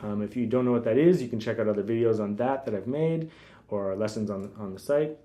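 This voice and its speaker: A man giving a casual spoken guitar lesson, talking in a relaxed way between demonstrations, with guitar playing heard behind him. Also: on the low side, a little fast, dull audio. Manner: relaxed, talks while demonstrating, counts fingerings aloud. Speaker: guitar teacher. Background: guitar music.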